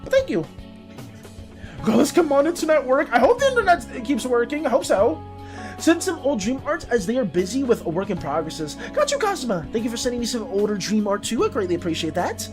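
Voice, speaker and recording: Woman streamer, high-ish and very lively voice, chatty casual delivery over background music. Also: normal speed. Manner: animated, chatty, greets and thanks viewers. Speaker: artist streamer. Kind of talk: casual live-stream chat.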